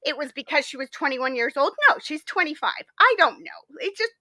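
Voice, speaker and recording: Woman podcast co-host, high bright voice, lively casual storyteller, dry close sound. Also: brisk, dry recording. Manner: lively storytelling, frequent fillers. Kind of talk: casual chat.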